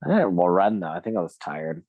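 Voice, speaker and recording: A man's voice: deep voice, big pitch swings, brisk, darkish tone, no room sound, muffled recording. A man in a past-life regression session, casually recounting what he sees. He laughs often and acts out the people he quotes. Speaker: regression client.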